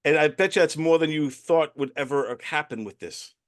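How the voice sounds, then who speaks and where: A man's voice: fairly high pitch, a little fast. A man hosting a podcast, reacting enthusiastically to his guest's story and laughing readily. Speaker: podcast host. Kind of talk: casual chat.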